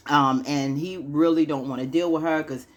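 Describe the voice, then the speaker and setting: A woman's voice: deep voice, steady tone, normal speed, dull audio. Chatty woman recapping a TV episode. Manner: chatty, acts out characters' lines, frequent laughs. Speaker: TV recap vlogger.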